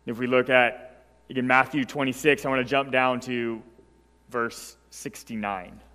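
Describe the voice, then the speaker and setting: A man preaching a sermon as pastor, emphatic and animated, who keeps checking in with the congregation by asking "right?". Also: medium pitch, a little slow, big-room sound. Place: church sanctuary.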